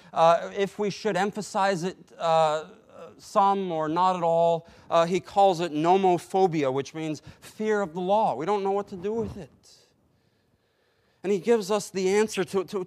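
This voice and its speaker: Male pastor, measured sermon delivery, higher-pitched, unhurried pace. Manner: slow, deliberate preaching with emphatic pauses.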